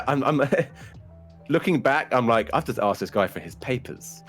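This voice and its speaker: A man's voice: mid-range voice, very animated, unhurried, fairly bright tone, faint music behind. A man and guest on the show, telling a long, funny story in a casual way, swearing freely and laughing as he goes. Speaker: guest, streamer.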